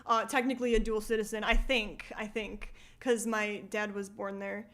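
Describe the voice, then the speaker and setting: A woman's voice: medium pitch, level tone, moderate pace, a bit bright. A woman streaming live, chatting casually as she reacts to a video and reads viewer comments, often laughing and asking questions.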